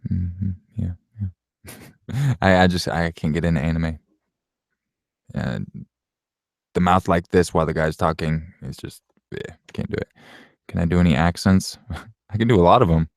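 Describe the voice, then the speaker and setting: Deep gravelly man, blunt and offhand. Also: fairly even intonation, unhurried, long pauses, no room sound, studio quality. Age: late 20s. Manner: blunt and offhand, swears, laughs often. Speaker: YouTuber answering viewer questions. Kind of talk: casual Q&A chat.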